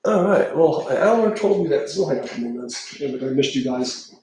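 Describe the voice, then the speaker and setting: A man's voice: a little high, animated, a little fast, a little mellow. A man chatting casually and profanely on a live stream as a tarot reader, rambling and laughing often. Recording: very echoey room, mic far off.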